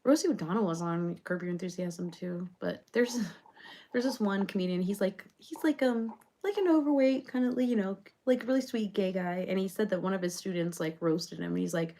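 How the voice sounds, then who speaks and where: A chatty reality-show personality who rambles from one thought to the next and leans on constant fillers, played by a woman. Her mid-pitched voice has a gravelly fry running through it. The delivery is a loose comedic parody monologue. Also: normal speed, mellow, natural voice. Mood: rambling.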